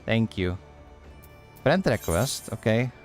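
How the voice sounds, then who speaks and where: A man's voice: lowish voice, animated, takes it slowly, faint music behind. A man streaming a game live, chatting casually and making sarcastic asides.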